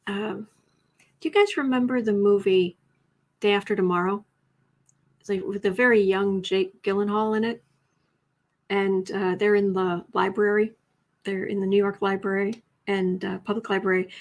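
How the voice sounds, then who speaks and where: A woman giving a casual tarot reading, chatty, breaking off now and then to coo and whisper softly to her cat. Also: mid-range voice. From United States. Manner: chatty, drops to soft coos and whispers talking to her cat. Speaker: tarot reader.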